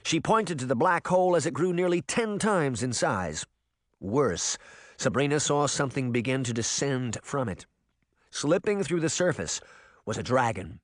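A man narrating a fantasy audiobook in an expressive reading voice. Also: on the high side, no room sound, studio quality. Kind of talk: scripted narration.

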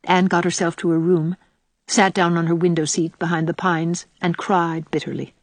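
A woman narrating a novel in a measured, expressive storytelling voice. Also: fairly low pitch, no room sound. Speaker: audiobook narrator. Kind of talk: scripted narration.

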